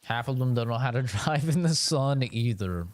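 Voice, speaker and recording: A man's voice: mid-range voice, lively intonation, moderate pace. Guy on a game stream telling car crash stories, voice bouncing all over, laid back and rambling. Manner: loose storytelling with swearing and laughter. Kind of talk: casual chat while gaming.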